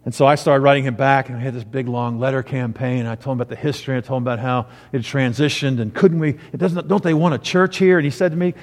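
A man's voice: mid-range voice, steady tone, quick pace, few pauses. Pastor guy preaching a sermon, storytelling then getting fired up, big church reverb. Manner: storytelling, rising to emphatic preaching. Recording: long hall reverb.

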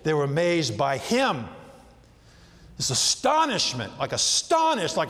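A man preaching a sermon in a conversational, animated way, often asking his listeners questions. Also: on the high side, unhurried. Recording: long hall reverb.

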